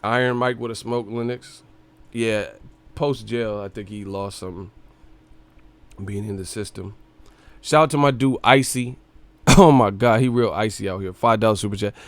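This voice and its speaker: A man's voice: fairly low pitch, moderate pace, long pauses. Profane young man riffing on boxing. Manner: profane, animated, slips into impressions. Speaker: boxing live stream host. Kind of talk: casual live-stream commentary.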